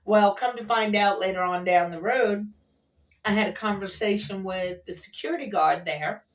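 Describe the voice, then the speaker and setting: A woman's voice: mid-range voice, moderate pace, far from the mic. A woman vlogger telling a rambling casual story, with fillers along the way. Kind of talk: casual chat.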